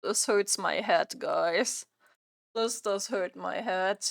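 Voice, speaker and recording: A woman streamer chatting during a live reaction stream, exasperated and repeating her own phrases out loud. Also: medium pitch, slow, vocal fry.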